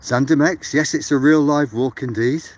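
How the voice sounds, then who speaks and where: A man's voice: on the high side, steady tone, normal speed, a little hiss or hum. An English man walking outdoors through a churchyard and chatting cheerfully to live viewers, greeting them by name, a little out of breath. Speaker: vlogger on a live walk. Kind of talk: casual live-stream chat.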